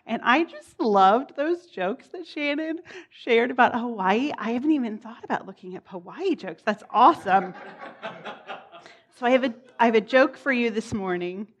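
A woman's voice: on the high side, animated, normal speed, slightly rough, highs cut off. A woman preaching a sermon in a chatty, informal way, with laughs and casual asides.

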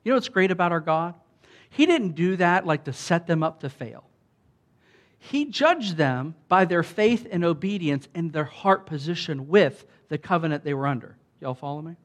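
A man's voice: fairly high pitch, expressive, moderate pace. A man preaching a sermon in an emphatic, conversational way, with lots of asides to the congregation. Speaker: pastor.

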